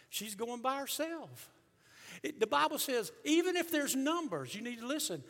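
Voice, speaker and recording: A middle-aged male pastor preaching a sermon, emphatic, surging loud and then dropping low. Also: big pitch swings, measured pace, gravelly. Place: church sanctuary. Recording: long reverb of a church hall.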